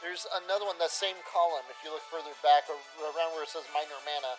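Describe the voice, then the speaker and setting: A man's voice: a little high, fast, faint music behind, poor audio. A man chatting casually and laughing often while streaming a game. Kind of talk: casual gaming stream chat.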